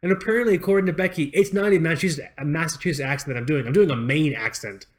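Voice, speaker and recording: A young adult man co-hosting a podcast in casual chat, animated, swearing freely and restarting his sentences as he rambles. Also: on the high side, rapid-fire. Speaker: podcast co-host.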